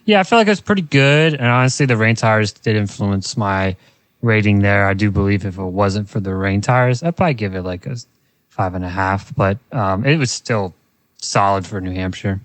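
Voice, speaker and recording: A man's voice: fairly low pitch, moderate pace, no echo. A man co-hosting a casual podcast on a video call in an easygoing way, with lots of likes. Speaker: podcast co-host. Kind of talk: casual chat.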